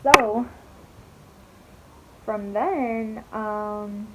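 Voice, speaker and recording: She's a young woman vlogger, mid-range and a little mellow, speaking very slowly as she does her makeup and tells a chatty, dramatic story full of swearing and "like." The slightly dull recording carries a faint hiss.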